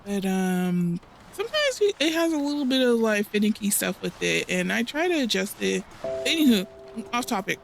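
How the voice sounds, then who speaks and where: A woman hosting a cozy gaming channel, chatting in a rambling, casual way with frequent laughs and a fairly high voice. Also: very animated, moderate pace, vocal fry, slight background noise. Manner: rambling, laughs often, self-interrupting. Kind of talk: casual chatty let's play commentary. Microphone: home desk microphone. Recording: game music behind the voice.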